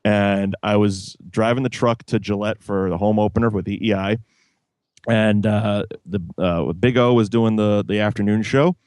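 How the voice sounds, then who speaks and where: A man co-hosting a casual podcast, spinning laid-back stories and chuckling along with his friends. His voice sits on the low side and sounds close and dry, with no room around it. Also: fairly even intonation, moderate pace, a little mellow, smooth, dry recording. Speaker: podcast co-host.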